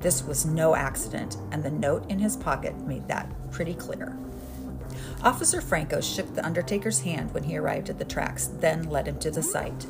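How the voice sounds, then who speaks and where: A woman's voice: low voice, normal speed, creaky, music in the background. A woman podcast host narrating a story in a dry, matter-of-fact way.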